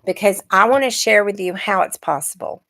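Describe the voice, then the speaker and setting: A woman's voice: medium pitch, brisk, fairly bright tone. A middle-aged woman from Georgia, chatting casually on a livestream and greeting viewers by name. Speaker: livestream host.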